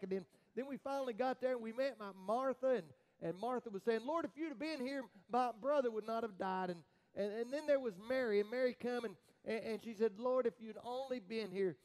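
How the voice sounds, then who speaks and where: A man preaching a sermon as the pastor, telling a story dramatically with frequent halting restarts, swinging from loud outbursts to hushed murmurs. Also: very high voice, poor audio.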